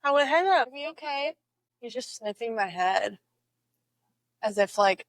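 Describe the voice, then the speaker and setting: A woman's voice: medium pitch, moderate pace, a bit bright, no echo. A young woman vlogging at home in a goofy, playful way, repeating slang words over and over and giggling at her own tries. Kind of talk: playful casual vlog, practising slang.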